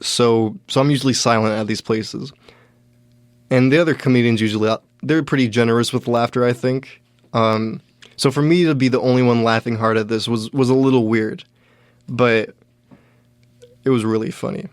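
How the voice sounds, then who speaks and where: Halting young man telling a story. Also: medium pitch, dry recording, studio quality. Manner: halting, many restarts and fillers, deadpan. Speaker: podcast host, stand-up comedian. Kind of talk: casual solo storytelling.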